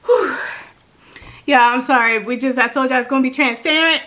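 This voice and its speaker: Bright, animated young woman vlogger. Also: quick pace. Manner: chatty and animated, acts out quoted dialogue with big pitch jumps. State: emotional, near tears. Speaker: vlogger reviewing an online course. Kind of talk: casual personal vlog storytelling.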